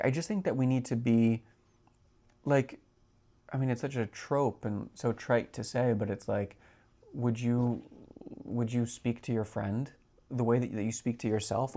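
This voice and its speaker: A man's voice: medium pitch, vocal fry, darkish tone. A man in his thirties hosting a solo podcast, talking in a chatty, rambling way with many filler words. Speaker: podcast host.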